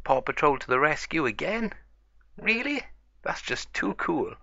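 A man voicing a cheerful little girl pig in a toy-play story, gushing with excitement. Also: a little high, measured pace, vocal fry, no echo, lo-fi sound, voice pushed up, heavily acted. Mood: excited.

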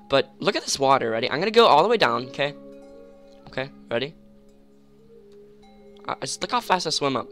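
A young man giving rambling, excitable commentary on a game at home, full of fillers and sudden yelps. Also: medium pitch. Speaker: gamer. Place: home room.

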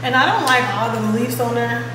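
At a fairly high pitch and fairly quick pace, a woman chats to her audience in a casual apartment vlog, cursing whenever she gets annoyed. The sound is echoey, with background noise.

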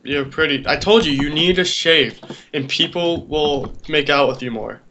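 Fairly high-pitched and at a moderate pace, a teenage boy chats casually as a gameplay co-host. He wanders through a long story, imitating voices in quotes, and lets it trail off with "I don't know." The recording is dull and lo-fi, with clear background hiss.

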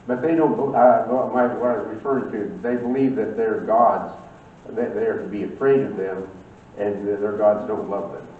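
A man's voice: fairly low pitch, fairly even intonation, normal speed, a little hiss or hum. Hesitant man asking questions in an echoey room. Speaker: class member. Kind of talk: group discussion. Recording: echoey room from far off, phone-like.

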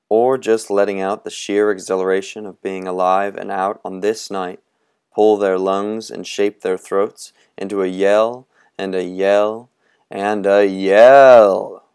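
Guy reading a spooky novel aloud, really deep voice, smooth. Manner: measured, atmospheric storytelling. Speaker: audiobook reader.

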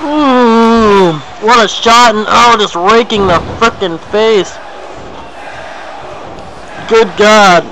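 A young man calling a wrestling match play-by-play, excitable and repetitive, with sudden yelps at big hits. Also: high-pitched, very slow, pauses often, a faint crowd, a little hiss or hum, rough recording. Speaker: play-by-play announcer.

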